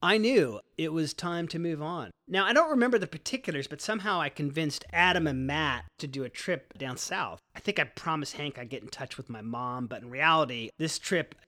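A man's voice: fairly high pitch, brisk, few pauses, bright, forceful tone. A young man telling a personal story in a laid-back, slangy, wry way. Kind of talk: first-person storytelling monologue.

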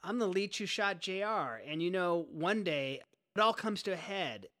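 A man's voice: high-pitched, lively intonation, moderate pace, a bit bright. A young man telling a personal story in a laid-back, slangy, wry way. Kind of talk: first-person storytelling monologue.

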